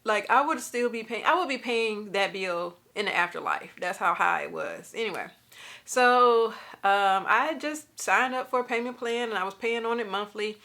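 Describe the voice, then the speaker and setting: A woman shares her personal faith testimony in a casual, lively vlog, speaking directly to her viewers and laughing through her stories. Her voice is mid-range and gravelly, at a moderate pace.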